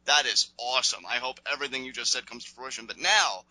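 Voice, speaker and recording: A man's voice: mid-range voice, fast talker, bright, forceful tone, low-quality recording. A man co-hosting a casual wrestling review show, opinionated and sarcastic, with long rambling asides. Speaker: podcast co-host.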